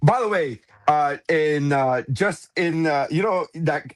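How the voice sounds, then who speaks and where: A man's voice: a little high, takes it slowly. A young man co-hosting a casual podcast chat, rambling with lots of restarts and swearing freely. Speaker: podcast co-host.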